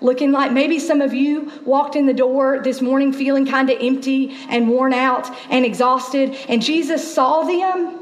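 A woman pastor delivers a sermon in a high voice, conversational and lively as she acts out little scenes. The recording carries the echo of a large church auditorium. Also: a little slow, few pauses. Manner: conversational, animated storytelling with acted asides.

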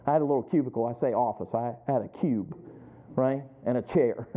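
A man's voice: medium pitch, fairly quick. A man preaching a sermon, telling personal stories and chuckling between lines as he acts out both sides of a conversation. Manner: animated storytelling, acting out both sides of a conversation. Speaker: pastor. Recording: tinny phone-like sound.

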